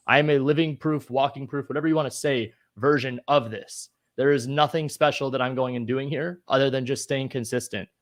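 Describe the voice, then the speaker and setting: A man in his twenties talking casually and energetically as a co-host, coaching listeners. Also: medium pitch. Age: 20s. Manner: energetic, motivational. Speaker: co-host, real estate agent.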